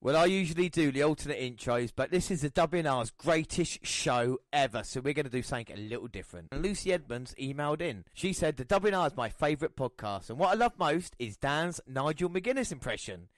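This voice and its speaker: A man's voice: on the high side, lively intonation, brisk, few pauses, no room sound, studio quality. A man hosting a podcast, upbeat and steering the conversation. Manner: upbeat, runs the show. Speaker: podcast host. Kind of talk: casual chat.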